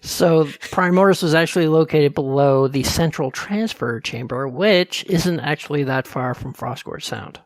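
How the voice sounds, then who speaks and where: A man co-hosting a gaming podcast, explaining game updates in detail in a relaxed, chatty way. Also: a little high, normal speed, few pauses, dry recording. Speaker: podcast co-host. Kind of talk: casual gaming podcast chat.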